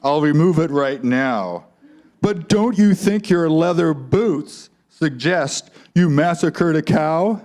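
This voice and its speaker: A man's voice: animated, a little mellow. A man voicing a smug, earnest young man doll with a put-on masculine voice in a comic puppet show. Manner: deliberately masculine, lowered voice.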